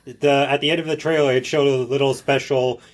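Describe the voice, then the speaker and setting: A man's voice: medium pitch, level tone, fairly quick. A man guesting on a casual gaming podcast, rambling on about game trivia.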